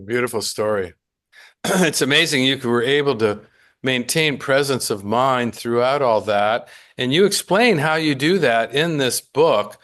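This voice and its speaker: A man's voice: mid-range voice, measured pace, a bit bright. A man hosts a radio interview, listening closely and asking reflective questions. His voice sits in an ordinary middle range. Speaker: radio host.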